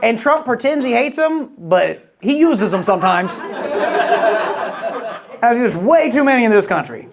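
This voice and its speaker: A man with a very high-pitched, expressive voice does crude, rambling stand-up at a comedy club, speaking a little slowly with long pauses as he tells stories and performs quoted voices. The live recording with the crowd is very noisy, and audience laughter runs underneath.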